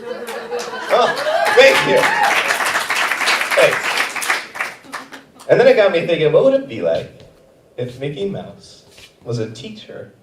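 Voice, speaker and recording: Performing stand-up in a comedy theater, a young adult man tells lively stories and hops into character voices. His medium-pitched voice is a little mellow, and the roomy sound from a distant mic carries slight hiss or hum.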